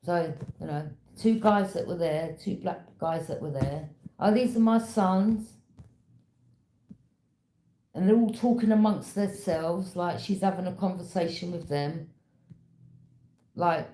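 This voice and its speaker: A tarot reader with a fairly low, warm voice speaks at a measured pace in an echoey room. She gives the reading like casual, conversational storytelling, knowing and direct.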